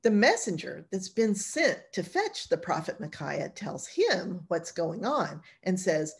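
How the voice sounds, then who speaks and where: A woman's voice: fairly low pitch, big pitch swings, measured pace, few pauses, husky. A woman pastor teaching an informal Bible class, retelling stories in a chatty, colloquial way.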